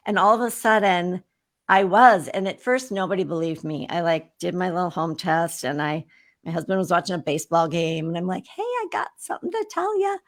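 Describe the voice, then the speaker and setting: A woman's voice: on the low side, a little fast. A woman in her fifties, a guest on an interview show, telling her own story candidly and with animation. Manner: animated, candid storyteller who acts out remembered exchanges.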